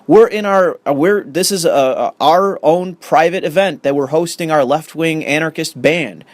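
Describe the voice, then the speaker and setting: A man's voice: on the high side, moderate pace, no room sound. A young man ranting in commentary, profane and sarcastic, reading an article aloud and arguing with it. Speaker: commentary host.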